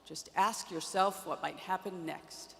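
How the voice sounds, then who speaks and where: A woman around 60 giving a prepared commencement keynote from a podium, measured and wry, with dry humor in her storytelling. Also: lowish voice, fairly even intonation, vocal fry, a bit bright. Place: large indoor arena. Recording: long arena reverb.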